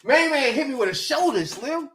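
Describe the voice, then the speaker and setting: Podcast host, DC man, high lively voice, laughs through his stories, acts out the voices. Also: moderate pace, crowd noise. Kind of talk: casual storytelling chat.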